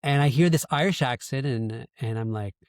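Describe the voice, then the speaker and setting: A man's voice: mid-range voice, normal speed, darkish tone, clear, resonant tone, dry recording, clean studio sound. Candid man telling a personal story. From Canada. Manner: candid, emotional storytelling with frequent swearing. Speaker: guest. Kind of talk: casual storytelling interview.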